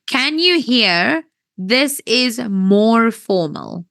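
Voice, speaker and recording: A woman teaching an English grammar lesson, patient and checking that everyone understands, her voice tiring and needing a throat-clear now and then. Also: mid-range voice, animated, slow, bright, forceful tone, dry recording. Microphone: wears headphones.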